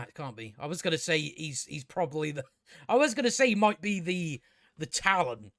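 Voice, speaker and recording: A man's voice: high voice, a bit bright, no echo, studio quality. A young man giving a casual, rambling, sarcastic TV episode review, swearing freely and restarting his sentences often.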